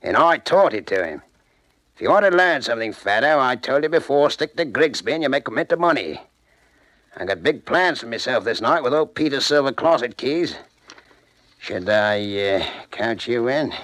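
An actor playing Grigsby, a boastful, scheming master thief, hearty and swaggering in an old-time radio drama. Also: male voice, mid-range voice, animated, normal speed, a bit bright, close to an everyday voice. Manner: hearty, swaggering, laughs often.

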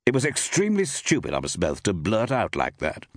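A man's voice: on the low side, huge pitch swings, a little fast, no room sound, clean studio sound. A man reading an audiobook voices a mild, polite, amused male novelist-detective. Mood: genial.

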